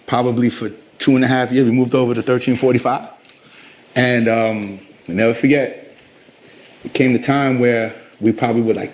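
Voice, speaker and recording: A middle-aged man being interviewed tells long, animated stories about his career, acting out what others said to him. His voice is medium in pitch, with a little hiss or hum in the recording.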